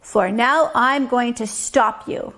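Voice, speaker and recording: A woman voicing a grumpy male troll in a read-aloud story, loud and gruff. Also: on the high side, takes it slowly, exaggerated voice. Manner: roaring, gruff.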